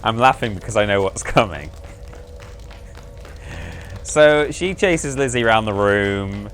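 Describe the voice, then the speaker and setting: A man's voice: on the low side, animated, unhurried, fairly bright tone, a little hiss or hum. A man chatting amusedly as he plays through a game on a livestream, rambling and correcting himself. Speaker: livestream host playing a game. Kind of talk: casual gameplay commentary. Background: faint game music.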